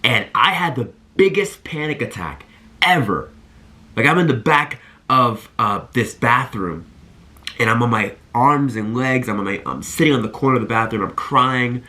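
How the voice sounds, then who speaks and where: A man in his twenties talking to camera, giving earnest and animated college advice and telling stories straight to his viewers. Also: medium pitch, moderate pace. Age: 20s. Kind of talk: energetic talk to camera.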